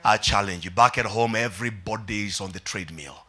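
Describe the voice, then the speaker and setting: A male pastor preaching an energetic sermon in a church, calling on the congregation to repeat after him and often shouting. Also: lowish voice, fairly quick, husky.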